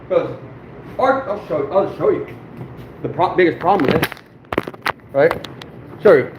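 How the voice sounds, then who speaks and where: A man, a fur trapper, chatting casually to viewers as he works, swearing often and grumbling at himself. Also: high voice. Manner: frustrated and self-deprecating. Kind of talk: casual live-stream demonstration. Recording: echoey room, mic far off, background noise.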